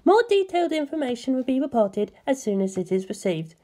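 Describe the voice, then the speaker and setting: A woman voicing an adult emergency broadcast announcer, calm and formal. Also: high voice, a little fast.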